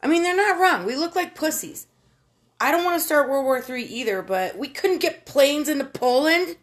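A woman's voice: high voice, animated, moderate pace. A woman from the United States delivering a casual, profane political rant, exasperated and given to emphatic outbursts.

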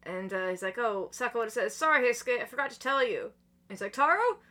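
A woman chatting on a podcast, excitedly retelling manga chapters and acting out the characters' lines between laughs. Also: fairly high pitch, quick pace. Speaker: podcast guest. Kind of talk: casual chat recapping manga chapters.

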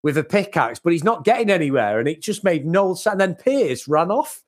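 A man's voice: a little high, fairly quick. A man from the UK co-hosting a podcast, chatting casually and laughing often. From United Kingdom. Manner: animated, laughs often, mocking. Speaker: podcast co-host. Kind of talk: casual chat.

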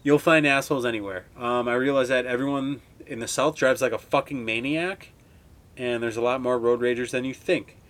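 Swearing constantly and meandering through his stories, a twenty-something podcast host from Wisconsin keeps things easygoing. He speaks a little fast, with a medium-pitched, somewhat bright voice and a steady tone.

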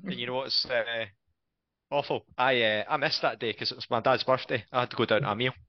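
A man's voice: mid-range voice, fairly even intonation, a little fast, no room sound, highs cut off. Sweary man bantering. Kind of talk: casual chat.

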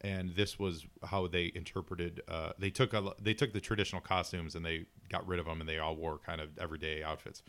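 A man with a very low, deep voice hosts a relaxed podcast conversation. He rambles eagerly, restarting sentences and leaning on fillers as he tells stories. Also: fairly quick, few pauses. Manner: rambling, excitable, many fillers. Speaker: podcast host. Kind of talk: casual chat.

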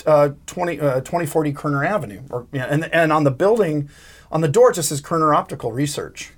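A man in his sixties, a creature effects artist and interview guest, telling animated stories about his career, acting out quotes and laughing often. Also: fairly high pitch, fast. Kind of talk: storytelling interview.

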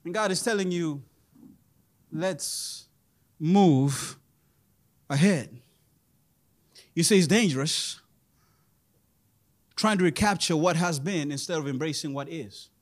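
A man in his thirties preaching a sermon as pastor, animated, laughing often and rising to loud emphasis. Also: fairly high pitch, moderate pace. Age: 30s. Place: church in Indonesia.

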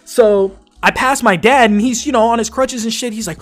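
A man's voice: very high voice, brisk, hardly any pauses. A man hosting a podcast, telling a long story in casual, profane chat and acting out the quotes. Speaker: podcast host.

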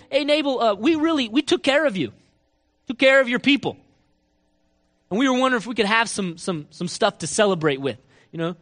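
A man preaching a sermon, telling a story with lively acted-out quotes and big swings between soft and loud. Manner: animated storytelling, acts out quotes with big swings in pitch and loudness. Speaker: pastor.

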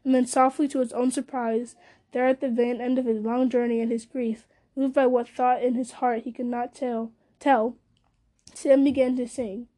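A woman's voice: a little high, level tone, normal speed, dark tone. A woman reading a fantasy novel aloud, telling the story steadily with small slips and restarts. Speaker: reader.

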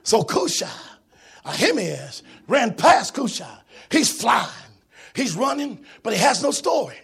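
A man preaching a sermon in a church, shouting in a sing-song preaching cadence with a raspy voice. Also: very high voice, big pitch swings, measured pace.

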